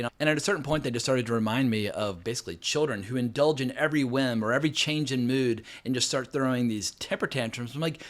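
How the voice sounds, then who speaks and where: Fast-talking frank man reviewing a film. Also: medium pitch. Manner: rambling, frank, with frequent fillers and profanity. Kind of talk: casual spoken film review. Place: home, New York City.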